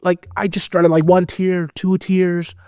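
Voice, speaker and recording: A man guest on a podcast, telling a personal story in a casual, animated way with lots of fillers. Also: high-pitched, measured pace, no echo, clean studio sound. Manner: animated, expressive, full of fillers. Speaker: podcast guest, metal vocalist.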